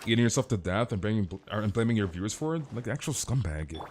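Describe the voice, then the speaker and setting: A man's voice: lowish voice, animated, fast talker, darkish tone, slight background noise. A man streaming a game and ranting in casual chat, swearing and filling his talk with "dude" and "like.". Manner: swears and repeats himself.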